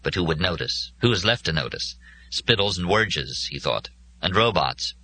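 A man reading scripted narration for an audiobook in a measured, solemn way. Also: deep voice, very animated, bright, forceful tone.

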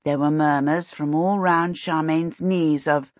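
A woman narrating a children's fantasy story with a steady, expressive reading. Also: sits low, a little slow, no room sound. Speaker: audiobook narrator. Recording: dull lo-fi recording.

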